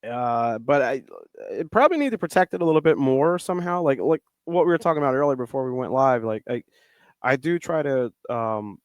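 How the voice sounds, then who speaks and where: A man's voice: mid-range voice, clear, resonant tone, no room sound. A middle-aged man, a wrestler, chatting as a podcast guest and telling stories in a loose, rambling way full of fillers and restarts. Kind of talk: casual podcast conversation.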